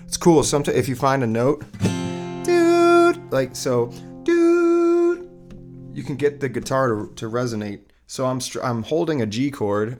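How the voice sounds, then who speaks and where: A man's voice: fairly low pitch, a little mellow. A man hosting a solo podcast, rambling and restarting his sentences with lots of fillers. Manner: rambling, self-interrupting, with many fillers. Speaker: podcast host.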